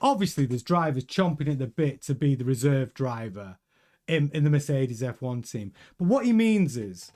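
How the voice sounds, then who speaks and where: A man's voice: medium pitch, sing-song, normal speed, darkish tone. A man hosting a casual news commentary show, chatty and rambling with many restarts and fillers.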